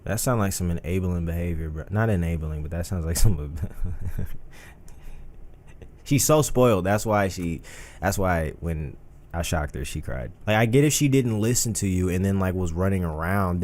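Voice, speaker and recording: A man's voice: sits low, normal speed, slight background noise. Profane, slangy reaction streamer man. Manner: profane, slangy, animated riffing. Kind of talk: casual reaction commentary.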